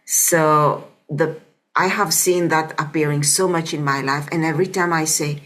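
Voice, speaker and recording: A woman's voice: deep voice, steady tone, normal speed, a bit bright. A woman hosting a podcast interview, speaking reflectively and often adding "you know?". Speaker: podcast host. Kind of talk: conversational interview.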